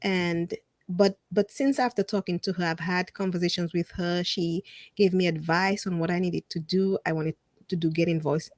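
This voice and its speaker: A woman guest on a casual interview podcast, telling her stories in an animated way, acting out what people said and laughing often. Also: on the low side, moderate pace, dry recording, clean studio sound. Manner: animated storyteller who acts out quotes and laughs often. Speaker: podcast guest and fellow podcast host.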